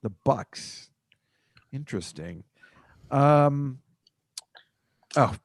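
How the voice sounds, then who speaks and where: A middle-aged man hosts a casual comedic sports chat, needling his guests with dry, teasing remarks. His voice sits at an ordinary middle pitch and is recorded close and completely dry, with no room sound. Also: lively intonation, extremely slow, dry recording. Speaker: host.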